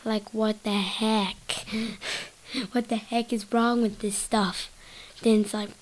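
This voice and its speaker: A woman's voice: medium pitch, flat delivery, slow, slight background noise, rough recording. A woman hosting a solo podcast, rambling in a silly, giggly way and jumping from topic to topic. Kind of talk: rambling casual monologue.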